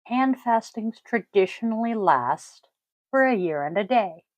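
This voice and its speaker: A woman hosting her own podcast, talking casually and deliberately, stressing key words with frequent ums. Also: fairly high pitch, expressive, no room sound, poor audio. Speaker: podcast host. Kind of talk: casual solo podcast talk.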